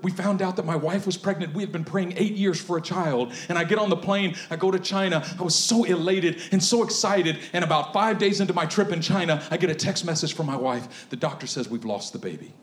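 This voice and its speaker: A man preaching a sermon through a personal story, swinging from hushed tones to shouting and laughing often. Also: on the high side, echoey room.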